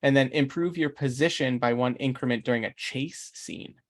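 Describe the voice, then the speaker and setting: A man playing a tabletop game, thinking aloud about rules and his moves in a relaxed way. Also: mid-range voice, moderate pace. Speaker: player. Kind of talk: casual tabletop game chat.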